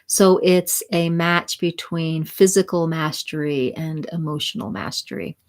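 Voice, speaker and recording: A woman spiritual mentor and sound healer, talking gently and soothingly to viewers of a live stream. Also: lowish voice, fairly even intonation, measured pace.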